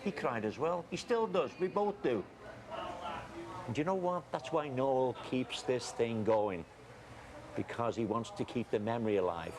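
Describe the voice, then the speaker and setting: An actor playing a blustery, defensive middle-aged farmer with a Scouse accent, in found-footage style. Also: male voice, medium pitch, animated, measured pace, lightly acted. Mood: insistent. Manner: blustery, defensive, calls people mate. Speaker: farmer guarding his cousin. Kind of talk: found-footage film acting. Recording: noisy handheld camera audio.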